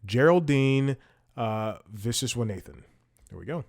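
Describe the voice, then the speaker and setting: A man's voice: medium pitch, expressive, measured pace. A man hosting a casual commentary podcast, rambling with many restarts and fillers while he scrolls and multitasks. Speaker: podcast host.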